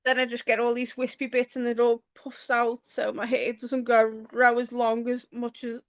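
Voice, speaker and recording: A woman vlogging in casual chat, talking in a halting, hesitant way with many fillers. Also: a little high, level tone, dry recording, dull audio.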